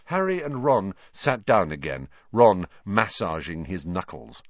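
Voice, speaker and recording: A man reading a novel aloud as narrator, in an expressive, varied way. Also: sits low, unhurried, dry recording, muffled recording. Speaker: audiobook narrator.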